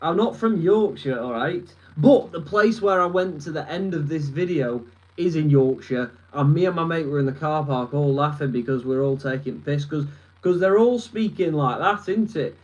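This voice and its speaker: A man's voice: fairly high pitch, normal speed, muffled recording. A man in his twenties from northern England with a Lancashire accent, rambling and swearing as he answers a live chat. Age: 20s. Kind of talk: casual live stream chat. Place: his room at a desk.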